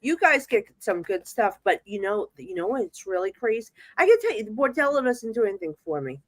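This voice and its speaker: A woman with a New Jersey accent, a psychic medium guest telling ghost stories in casual chat, animated and acting out the voices she quotes. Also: a little high, fairly quick.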